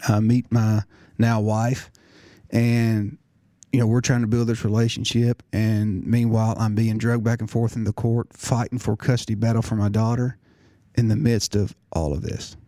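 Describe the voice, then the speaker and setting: A man's voice: fairly low pitch, flat delivery, moderate pace, mellow, no room sound, studio quality. A middle-aged man giving an earnest personal testimony, often restarting his words. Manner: earnest storytelling with repeated restarts. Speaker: nurse practitioner telling his story.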